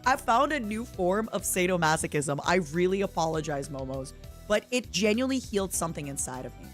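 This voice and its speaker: A young woman streaming casually from home, gushing and quick to laugh as she reacts to videos and chats with her viewers. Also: lowish voice, expressive, faint music behind.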